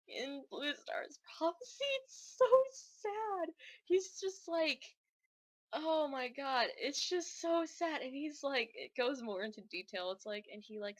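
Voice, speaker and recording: A young woman vlogger talks through a casual fan rant. She is exasperated and animated, and she rambles with plenty of fillers. Her voice is bright, clear and a little high.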